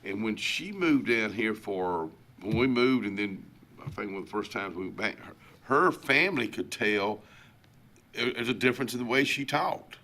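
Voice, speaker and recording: A man's voice: on the low side, expressive, normal speed, sharp tone. A man with an Alabama Southern drawl hosting a morning talk show in a rambling, folksy way, with many fillers and restarts. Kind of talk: casual chat.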